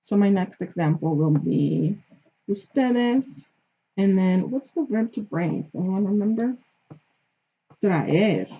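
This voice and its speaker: A woman teacher walks her class through a grammar lesson with patient step-by-step explanations, often pausing to ask if they follow. She speaks slowly, with a slightly husky voice. The recording sounds dull and lo-fi. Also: lowish voice. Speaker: Spanish teacher.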